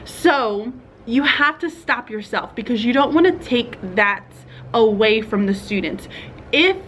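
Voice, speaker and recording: Teacher lady vlogging, chatty and thinking out loud, slight hum behind her. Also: a little high, lively intonation, unhurried. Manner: chatty, thinks aloud with fillers and laughs. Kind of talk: casual vlog talk to fellow teachers.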